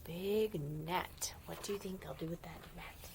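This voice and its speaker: Slow gravelly woman reading to children. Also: on the low side, steady tone, noisy background. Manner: gentle, often whispering, with playful animal sound effects. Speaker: storyteller for children. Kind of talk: reading a picture book aloud to children.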